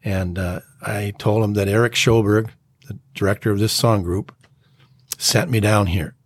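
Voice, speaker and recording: American man, guest, earnest halting storyteller, breathy low voice, dry room. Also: fairly even intonation, no room sound. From United States. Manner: earnest, halting, acts out quoted dialogue. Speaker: guest sharing his testimony. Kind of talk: personal storytelling interview.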